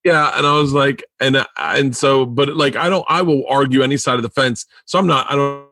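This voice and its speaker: A man's voice: mid-range voice, fairly quick. Profane storytelling podcast host, man. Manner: profane, storytelling, laughing often. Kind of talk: casual podcast chat.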